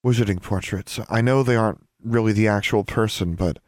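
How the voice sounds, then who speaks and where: A man voicing a troubled teenage witch girl in an audiobook, speaking quietly and hesitantly. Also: fairly low pitch, brisk, dry recording, studio quality, voice pushed up, natural voice. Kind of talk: audiobook character voice.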